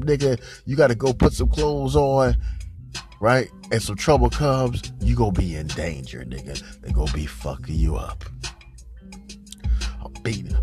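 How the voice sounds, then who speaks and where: A man hosting a podcast, telling a crude comic story in a profane, rambling, bragging way and getting louder and higher as it builds. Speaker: podcast host.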